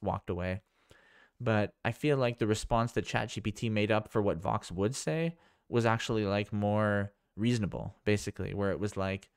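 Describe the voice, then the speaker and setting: A man's voice: fairly low pitch, brisk, no echo, studio quality. A man vlogging a casual screen demo, rambling and thinking aloud with amazement. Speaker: tech vlogger.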